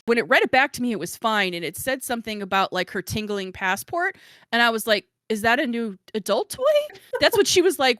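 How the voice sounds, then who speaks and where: A woman's voice: on the high side, animated, brisk, bright, forceful tone, dry recording. A woman hosting a podcast, chatting casually and self-deprecatingly, with lots of fillers and giggles. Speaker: podcast host and author. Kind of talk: casual chat.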